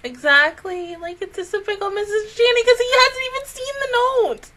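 A woman's voice: very high-pitched, fairly even intonation, moderate pace, pushed and bright. A woman doing an anime reaction video, emotional and exclamatory, swearing freely as she talks.

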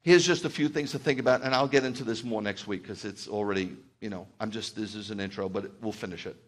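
A fast-talking middle-aged rabbi with a fairly low-pitched voice gives a conversational sermon. Quiet asides alternate with loud, excited outbursts.

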